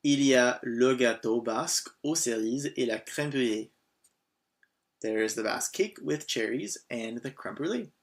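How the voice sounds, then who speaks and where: A man's voice: mid-range voice, normal speed. Patient man teaching beginner phrases. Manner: patient, encouraging, switches between English and French phrases. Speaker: language teacher. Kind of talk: scripted lesson narration.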